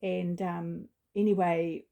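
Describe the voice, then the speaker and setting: A woman's voice: fairly low pitch, little pitch movement, slow pace, creaky, lo-fi sound. A woman vlogger casually telling a story, chatty, with lots of ums and asides.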